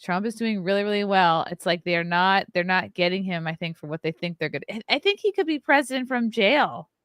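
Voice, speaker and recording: Female podcast guest, talkative and joking, mid-pitched, dry sound. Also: animated, fairly quick, a bit bright, clean tone, no echo. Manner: chatty, laughs easily, speculative. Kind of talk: casual comedic chat.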